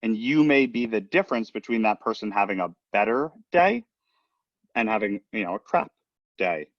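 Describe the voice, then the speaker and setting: Chatty low-voiced man giving a talk. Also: lively intonation, moderate pace, no echo, dull audio. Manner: chatty, leans on "right?" and "um" as he talks. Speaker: recruiter and trainer. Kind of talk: casual presentation.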